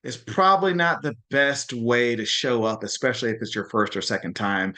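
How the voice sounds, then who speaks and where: A man with a bright, forward voice hosts a group video call and talks in a loose, chatty way. He keeps checking in with "okay?" and "right?" and restarts his phrases as he goes. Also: medium pitch, normal speed. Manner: frequent restarts and repeated words. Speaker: host of a mastermind call.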